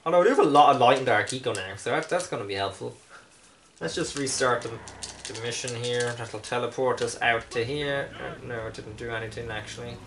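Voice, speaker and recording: A man's voice: medium pitch, fairly quick, fairly bright tone, recorded from a distance, slight background noise. Casual let's-play guy, rambling jokey asides, sits back from the mic. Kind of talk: casual gameplay commentary.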